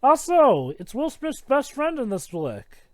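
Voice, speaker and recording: A man with a high, very lively voice that leaps up and down, talking through a film in a relaxed commentary chat. He explains plot points and throws in jokes. The sound is close and dry. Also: unhurried, no room sound. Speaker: movie commentary co-host. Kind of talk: casual movie commentary chat.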